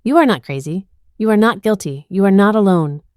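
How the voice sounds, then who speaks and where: A woman reading a story, voicing a protective female friend who speaks with firm, steady reassurance. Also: mid-range voice, brisk, dry recording, studio quality, pitched above the performer's own voice, natural voice.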